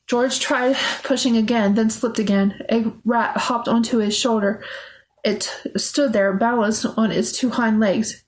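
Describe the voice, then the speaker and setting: Female audiobook narrator for a kids' scary book, steady and expressive, slightly high pitch. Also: a little slow, rough recording. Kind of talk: reading a children's horror novel aloud.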